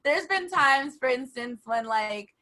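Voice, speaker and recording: A woman's voice: sits high, lively intonation, unhurried, pushed and bright. A young woman in casual podcast chat, talking freely with lots of "like" and frequent laughs. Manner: chatty, laughs often, peppers speech with "like".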